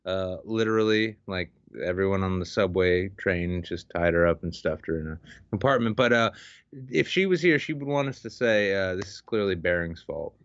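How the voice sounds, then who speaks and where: A man's voice: low-pitched, moderate pace, muffled recording, slight background noise. A man co-hosting a live-streamed podcast, joking crudely and putting on mocking voices. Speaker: podcast co-host. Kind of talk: crude comedic livestream chat.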